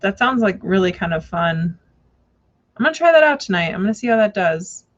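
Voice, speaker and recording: On a casual live tarot stream, a woman rambles and chats with plenty of fillers, restarts, and self-corrections. Her medium-pitched voice is sing-song and fairly quick, and the lo-fi stream audio sounds dull.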